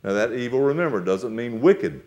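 A man delivers a church sermon, reading scripture in a measured, solemn cadence before explaining it in plain speech. His delivery swings widely, climbing to loud, emphatic peaks and then dropping to soft, low-voiced asides to the congregation. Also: expressive, muffled recording. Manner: reads scripture in solemn King James cadence. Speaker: pastor.

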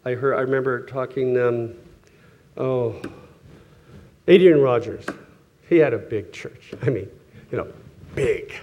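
A man's voice: medium pitch, a little slow, pauses often, mellow, dull audio, a little hiss or hum. Chuckling conversational male preacher. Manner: conversational, self-correcting, chuckles often, acts out quoted voices. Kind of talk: sermon with personal stories.

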